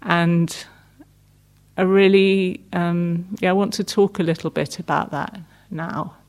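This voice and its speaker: A middle-aged woman gives a meditation talk in a gentle, unhurried way. Her voice sits a little low for a woman, and she often pauses and restarts mid-phrase. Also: steady tone. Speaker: meditation teacher. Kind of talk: dharma talk.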